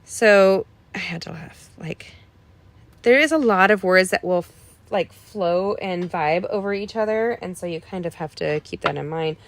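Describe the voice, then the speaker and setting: A woman's voice: on the low side, normal speed, no echo. A middle-aged woman hosting a live card-making tutorial, chatting folksily with viewers as she works. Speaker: card-making livestream host. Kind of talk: casual crafting tutorial.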